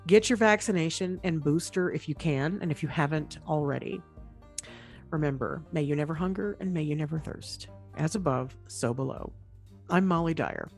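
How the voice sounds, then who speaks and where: A woman's voice: low-pitched, a little mellow. A woman hosting a casual podcast interview, chatty and swearing freely. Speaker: podcast host.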